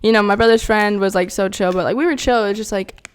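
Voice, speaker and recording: A young woman in her twenties, co-hosting a podcast and telling a story in a fast, animated way, full of fillers. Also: mid-range voice, clear, resonant tone. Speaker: podcast co-host. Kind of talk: casual chat, storytelling.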